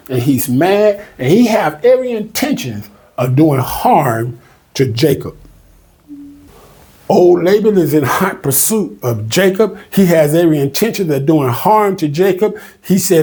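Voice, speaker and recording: Husky-voiced man teaching scripture. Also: a little high, darkish tone. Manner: emphatic, repetitive, checks in with "okay?" and "right?"; reads scripture aloud slowly and deliberately. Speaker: Bible teacher. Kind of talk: informal Bible study teaching.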